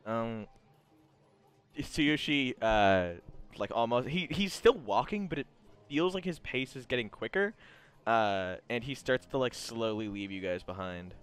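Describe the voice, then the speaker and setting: A man's voice: mid-range voice, expressive, a little slow, a bit bright, clean tone. A young man narrating casually as game master, loose and rambling with frequent laughs.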